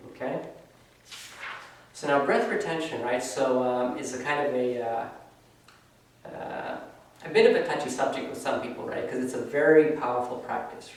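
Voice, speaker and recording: A man's voice: medium pitch, a little mellow, a little hiss or hum. A man teaching a yoga class in a loose, conversational way, often tagging his sentences with "right?". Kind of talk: casual spoken class instruction. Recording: very echoey room, voice from far off.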